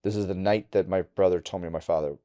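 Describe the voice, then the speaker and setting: A middle-aged man from Wisconsin, a podcast guest telling a personal story candidly and bluntly, going quiet and halting on hard memories. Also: sits low, steady tone, clear, resonant tone. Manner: candid and blunt, with casual swearing.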